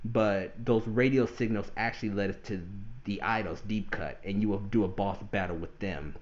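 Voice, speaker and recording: A man hosting a gaming podcast in casual chat, animated and often laughing. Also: on the low side, moderate pace, muffled recording. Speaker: podcast host.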